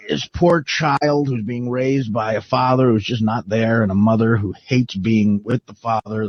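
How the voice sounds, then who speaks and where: A man's voice: mid-range voice, no room sound. A man on a radio show delivering a profane, mocking comedic rant full of rambling lists, on a dull lo-fi radio recording.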